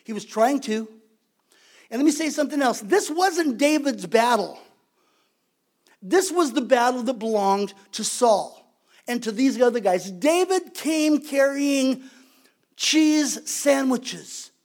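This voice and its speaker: A man's voice: extremely high pitch, lively intonation, slow pace, a little mellow. A man preaching a sermon as pastor, conversational and emphatic, repeating his points for weight.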